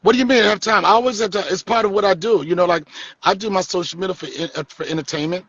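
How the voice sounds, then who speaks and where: Husky-voiced man teasing on a live stream. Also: high-pitched, rapid-fire, fairly bright tone, dry recording, muffled recording. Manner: joking, teasing, profane. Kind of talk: casual comedic chat.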